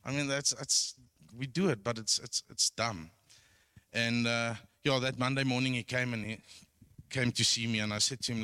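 A middle-aged man sharing an earnest personal church testimony, halting with restarts. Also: medium pitch, fairly even intonation, sharp tone, clean tone, dry recording, studio quality.

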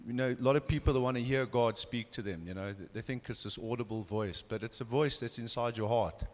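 A young man speaks informally at church, his sentences full of fillers and restarts. His voice sits at an average pitch. A long reverb from the hall trails each phrase. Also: a little fast. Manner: informal, hesitant with many fillers. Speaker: church member giving testimony. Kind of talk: church testimony.

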